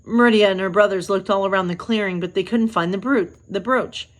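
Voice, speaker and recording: A woman pastor reads bedtime stories aloud at an easy pace. Her pitch sits in the middle, and she slips into chatty, self-deprecating asides between passages. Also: a little fast. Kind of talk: bedtime story reading.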